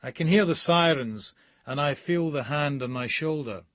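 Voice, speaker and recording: Scottish male audiobook reader, gritty and sardonic, mid-pitched, dead-dry booth. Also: normal speed, no echo. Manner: sardonic, gritty storytelling with shouted outbursts. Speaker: audiobook narrator. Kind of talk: first-person novel narration.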